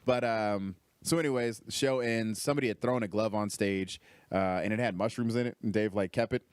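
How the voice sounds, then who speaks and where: A young comedian, appearing as a guest, tells a story in lively, casual conversation, swearing freely and jumping up in pitch whenever he quotes someone. He talks fairly quickly with a clear, resonant tone, and the recording is dry.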